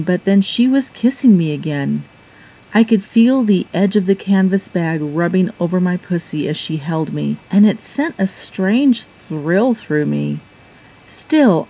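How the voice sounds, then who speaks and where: A woman narrating a first-person erotic audiobook in a measured, intimate storytelling manner. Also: on the low side, dark tone, slightly rough, poor audio.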